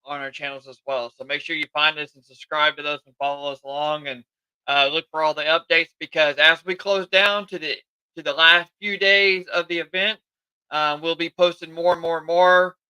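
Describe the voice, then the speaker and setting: Bright-voiced man hosting a podcast. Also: fairly high pitch, steady tone, moderate pace, clean tone, no echo, muffled recording. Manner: chatty and eager, self-admittedly tired. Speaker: podcast host. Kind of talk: casual live podcast chat.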